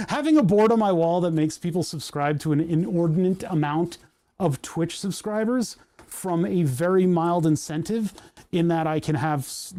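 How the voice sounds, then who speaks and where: A man's voice: a little high, moderate pace, dark tone. A man who streams on Twitch, chatting casually to himself while tinkering at his workbench, grumbling and joking.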